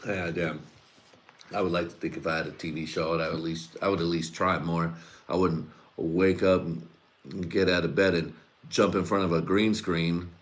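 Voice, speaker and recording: A man's voice: low-pitched, fairly even intonation, moderate pace. A man hosting his own podcast, rambling through comedic ideas with lots of fillers, laughter and swearing. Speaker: podcast host. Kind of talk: solo comedic riffing.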